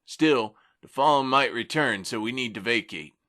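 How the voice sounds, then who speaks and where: A man's voice: medium pitch, animated, normal speed, bright, forceful tone, voice pushed up. A man voicing a practical, unflappable male fixer in an audiobook, speaking bluntly and matter-of-factly. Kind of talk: audiobook reading.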